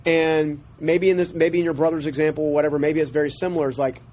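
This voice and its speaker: A man spins a personal story for a podcast host, his voice sitting a little high for a man. He tells it in an animated, passionate way. Faint noise hums behind him. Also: fast talker. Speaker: guest.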